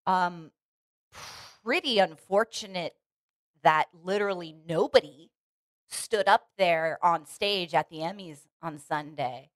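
A woman's voice: lowish voice, slow, dry recording. A woman co-hosting a casual podcast chat, earnest and opinionated, restarting her sentences often. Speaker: podcast co-host. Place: Los Angeles.

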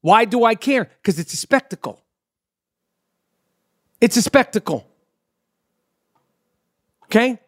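A man's voice: very high voice, lively intonation, takes it slowly, pauses often. A man hosting a podcast, delivering a blunt, profane, heated monologue. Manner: blunt, heated, heavy swearing. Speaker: podcast host.

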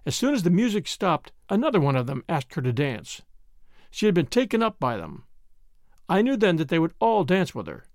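A man's voice: on the high side, wildly swooping pitch, moderate pace, darkish tone, no echo, clean studio sound. A man reading a first-person literary story aloud in a wry, understated manner. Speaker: audiobook narrator.

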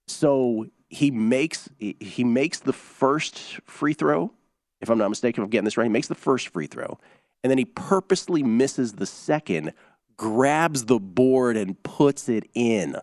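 A man's voice: medium pitch, lively intonation, a little slow, darkish tone, no echo, clean studio sound. A man hosting a sports betting radio show, talking loosely and rambling through scores and stats.

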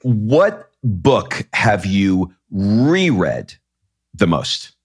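A man's voice: on the low side, very animated, very slow, husky. A man hosting a podcast interview, telling stories casually with many restarts. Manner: rambling storyteller, many restarts. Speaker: podcast host.

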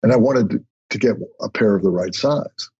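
A man, a guest on an interview podcast, telling stories in a conversational way and getting animated when he acts out other people. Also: lowish voice, normal speed. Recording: husky voice, dull lo-fi audio.

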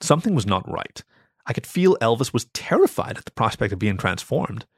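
A male storyteller reads a scripted adult tale with an expressive, animated delivery. His pitch moves lively through the sentences. The mic is close and completely dry, with no room sound. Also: a little fast, husky, dry recording. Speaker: story reader.

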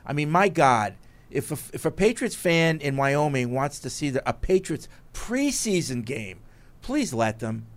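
A man's voice: a little high, sing-song, unhurried. A man co-hosting a sports podcast, talking casually and launching into emphatic, pleading rants. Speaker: podcast co-host.

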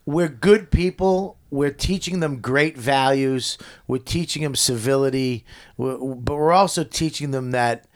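A man's voice: medium pitch, measured pace. A man in casual chat, talking bluntly and swearing freely. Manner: blunt, profane, emphatic.

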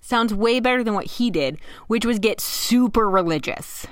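A woman's voice: a little high, animated, moderate pace, no echo. A woman hosting a casual podcast, telling a story in a wry way and laughing often.

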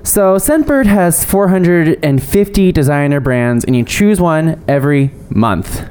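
A male podcast co-host in loose, playful chat, laughing often as he reads listener mail and ad copy. His pitch swoops about lively while his voice stays smooth and clear. The talk is relaxed and chatty throughout. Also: a little slow. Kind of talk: casual chat, reading listener letters and an ad.

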